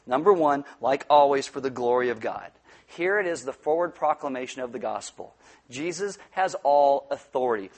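Male pastor, higher voice, lively sermon with jokes and acted quotes. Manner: animated, joking, acts out quotes.

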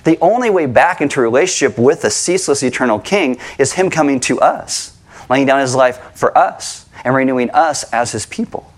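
A middle-aged man preaching a sermon to his congregation, conversational and animated, asking rhetorical questions. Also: mid-range voice, normal speed. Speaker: pastor. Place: church sanctuary with congregation.

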